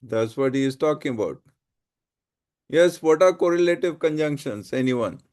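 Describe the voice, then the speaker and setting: A man's voice: on the high side, animated, a little mellow. A male teacher running a classroom lesson, asking his students questions. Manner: questions the class, slow and deliberate.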